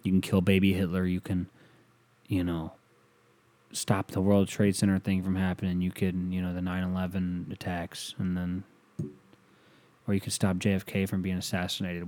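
A man hosting a podcast, delivering a casual comedic monologue as a profane, rambling rant that swings between mumbled asides and loud outbursts. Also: low voice, little pitch movement, moderate pace, long pauses. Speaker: podcast host.

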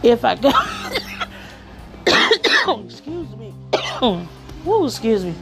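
A woman's voice: a little high, very animated, extremely slow, over music. A woman hosting a podcast, giving work advice in a casual monologue, often checking in with "okay?" and "right?".

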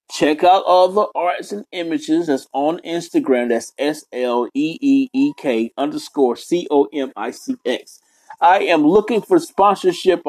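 A man's voice: mid-range voice, darkish tone, no echo, rough recording. A young man hosting his own podcast alone at home, rambling bluntly and swearing constantly in casual talk. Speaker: podcast host. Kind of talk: casual solo podcast rant. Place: apartment room.

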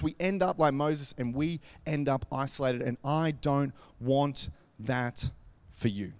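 Speaking at a fairly high pitch with no echo, a man retells a scripture story in an earnest devotional talk. His chatty, conversational style is packed with asides and frequent use of "like."

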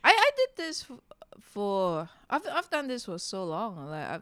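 A woman's voice: mid-range voice, wildly swooping pitch, measured pace, fairly bright tone, clear, resonant tone. A woman comedian, chatting in an interview, self-deprecating and laughing often. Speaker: stand-up comedian, guest. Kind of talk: casual interview chat.

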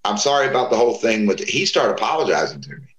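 A man's voice: lowish voice, quick pace. A middle-aged man telling stories in casual talk, acting out the voices of the people he quotes. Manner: animated, acts out quoted voices. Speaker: guest. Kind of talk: casual storytelling. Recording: roomy echo.

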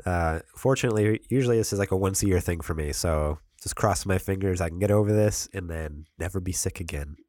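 A man's voice: low voice, brisk, few pauses, darkish tone, no echo, studio quality. A man co-hosting a casual podcast, congested from a cold and chuckling often. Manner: laid-back, chuckles often. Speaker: podcast co-host. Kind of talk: casual chat.

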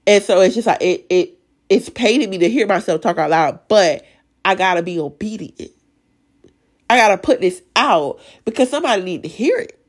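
A woman with a raspy, sinus-strained voice giving an emotional, earnest faith talk as a Bible study leader, stuttering and restarting as she goes. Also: medium pitch, lively intonation, moderate pace. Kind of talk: casual devotional talk.

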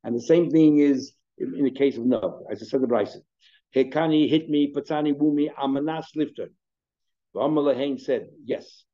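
A man's voice: medium pitch, normal speed, dull audio. A man teaching a daily Talmud class in a conversational way, thinking aloud with frequent restarts and mixing Hebrew and Aramaic terms into his English.

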